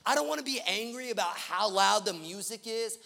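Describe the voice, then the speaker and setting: A man preaching from a pulpit, his voice high and gravelly, impassioned and repetitive, dropping to a hush and then climbing loud. The sound carries the long reverb of a big church hall. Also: expressive, fairly quick. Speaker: pastor. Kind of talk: sermon. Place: church auditorium.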